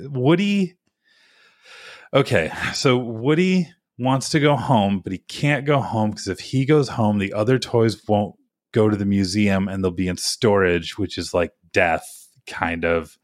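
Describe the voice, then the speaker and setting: Brief: man, low voice, dry close sound, loose jokey co-host who rambles and stalls. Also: no echo. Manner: rambling, halting with lots of ums; self-mocking, jokey. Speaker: podcast co-host. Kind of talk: casual chat.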